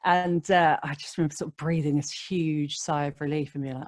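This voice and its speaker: A woman's voice: deep voice, fairly even intonation, normal speed, a little mellow. A woman, a radio DJ, chatting as a podcast guest and telling stories with frequent laughs. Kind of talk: casual interview chat.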